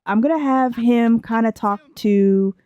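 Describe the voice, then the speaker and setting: Playing a life-simulation game, a young let's play host keeps up casual, chatty commentary full of playfulness and frequent laughter. Her voice is a little high, a little slow and warm, captured muffled with no room sound.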